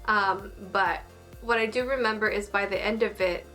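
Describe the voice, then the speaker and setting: A young woman reviewing an anime episode in casual, animated chat, swearing now and then. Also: mid-range voice, normal speed, soft background music.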